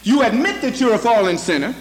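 A man's voice: very high-pitched, sing-song, fast, long reverb tail. A male preacher giving an emphatic, repetitive sermon, speaking directly to his congregation in a church.

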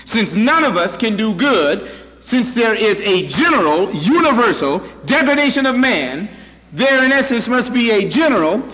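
A man's voice: high-pitched, big pitch swings, moderate pace, a bit bright, in a large hall. A male preacher giving an emphatic, repetitive sermon, speaking directly to his congregation in a church.

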